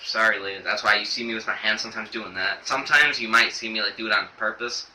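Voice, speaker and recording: A young man talks through a wrestling show in a halting, filler-heavy ramble, choked up as he goes. His voice is bright and tense. He is recorded on a camera mic set back in an echoey room, with faint noise behind him. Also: on the low side, steady tone, distant mic. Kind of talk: casual video review.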